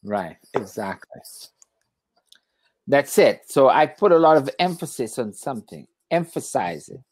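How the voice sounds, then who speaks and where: Tired male English tutor, patient, repeats and rephrases words slowly. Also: medium pitch, big pitch swings, slightly rough. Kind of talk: one-on-one English lesson.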